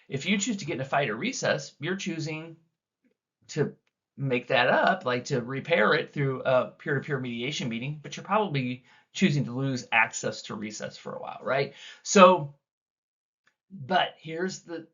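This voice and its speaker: In a recorded teacher training talk, a man addresses a room of teachers, acting out quoted dialogue with big swings in pitch and loudness. The recording is dull and lo-fi.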